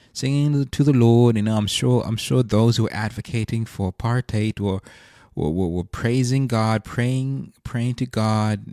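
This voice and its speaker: A man's voice: medium pitch, warm tone, dry recording, clean studio sound. A man hosting a podcast, talking earnestly about faith and thinking aloud as he goes. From South Africa. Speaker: podcast host. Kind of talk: reflective faith monologue.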